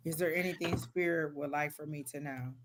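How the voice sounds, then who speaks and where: A woman's voice: low voice, fairly even intonation, brisk, background noise. A woman giving psychic readings to viewers on a live stream, talking in an earnest, repetitive, motivational way with casual phrasing. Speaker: tarot and psychic reader.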